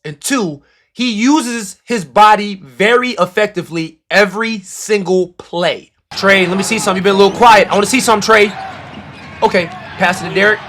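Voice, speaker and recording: A young man reacting live to a basketball game, animated, with loud outbursts and slangy trash talk. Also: high voice, normal speed.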